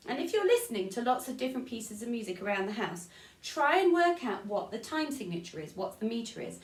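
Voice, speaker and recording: A woman's voice: fairly high pitch, very animated, fairly quick, hardly any pauses, far from the mic. A woman with an English accent teaching an online music lesson to children, counting beats aloud and singing short rhymes. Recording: echoey room, voice off-mic.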